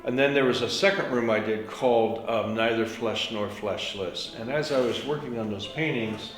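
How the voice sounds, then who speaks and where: Painter, male, lowish voice, relaxed storyteller; roomy echo, faint music bed. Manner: unhurried, storytelling, trailing fillers. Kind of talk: reflective studio talk. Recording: echoey room with soft music.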